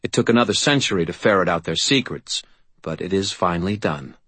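A man voicing a centuries-old male double agent who speaks in a quiet, calm, deferential murmur. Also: sits low, a little fast, breathy edge, no echo, full character voice.

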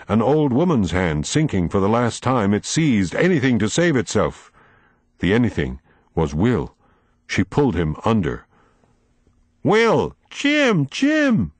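Male audiobook reader, lowish pitch, very lively inflection, dramatic. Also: no echo. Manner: dramatic, measured storytelling. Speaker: narrator. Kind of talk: audiobook narration.

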